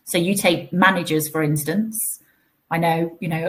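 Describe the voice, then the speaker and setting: A woman speaking as a guest on a live panel, animated and acting out the people she quotes. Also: fairly low pitch, moderate pace.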